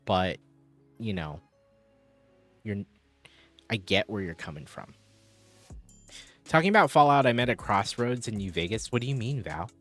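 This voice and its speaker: A man's voice: fairly low pitch, expressive, unhurried, pauses often, fairly bright tone, faint music behind. A man chatting casually on a live stream, rambling as he answers viewers' chat.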